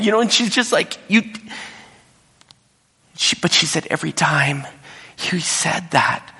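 A male pastor delivering a sermon and telling a story, dropping to whispers and rising high when he quotes people. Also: expressive, unhurried, gravelly, long pauses, pushed and bright, slightly rough. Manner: storytelling, drops to whispers and rises high when quoting others. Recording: echoey hall with long reverb.

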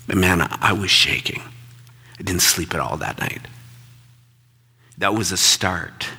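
A man's voice: low-pitched, normal speed, long pauses, bright, forceful tone, slightly rough, in a large hall. A middle-aged male pastor telling a personal story in a conversational, reflective sermon. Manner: conversational, reflective, repeats words when emphatic.

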